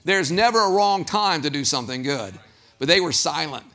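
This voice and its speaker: Male pastor, sermon, high voice, animated, asks the congregation questions. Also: moderate pace.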